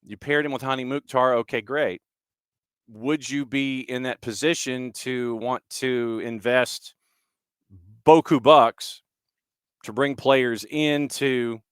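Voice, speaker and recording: Smooth-voiced man hosting soccer talk. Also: mid-range voice, a bit bright, no room sound, clean studio sound. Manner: conversational, opinionated, rhetorical questions. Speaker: soccer podcast host. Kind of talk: casual solo commentary.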